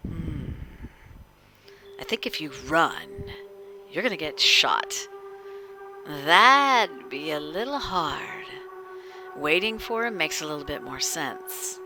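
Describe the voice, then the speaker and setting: A woman narrating a tabletop game as whispered role-play, in a low, hushed voice that drifts slowly through lively rises and falls. Music plays behind her. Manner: hushed, suspenseful narration; chats with viewers. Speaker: game master.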